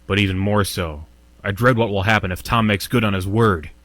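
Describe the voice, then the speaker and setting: A man's voice: lowish voice, fairly quick, fairly bright tone, dry recording, close to an everyday voice. An actor playing a betrayed young man who narrates his own story in first person in a video game. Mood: anxious.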